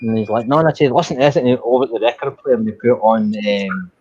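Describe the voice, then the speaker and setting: A man's voice: mid-range voice, quick pace, darkish tone, slight background noise. An Irish man rambling through a story in casual chat, swearing freely. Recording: dull lo-fi sound.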